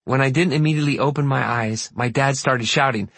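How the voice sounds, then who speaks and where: Husky male audiobook narrator. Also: mid-range voice, a little fast, a bit bright, no room sound. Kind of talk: audiobook narration, first person.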